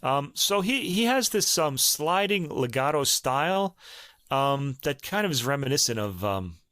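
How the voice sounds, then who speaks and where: A man co-hosting a music podcast, chatting casually and thinking aloud with many pauses and ums. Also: a little high, sing-song, fairly bright tone, no echo, clean studio sound. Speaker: podcast co-host. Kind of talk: casual chat about recordings.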